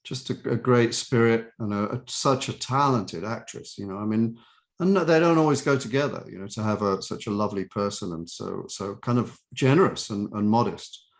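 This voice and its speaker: An older man, an actor guest in an interview, telling chatty, animated anecdotes and sometimes quoting other people's voices. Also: lowish voice, moderate pace.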